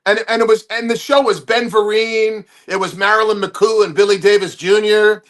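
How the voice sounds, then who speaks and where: A male comedian guest on a podcast, telling a story with animated, halting restarts. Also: high voice.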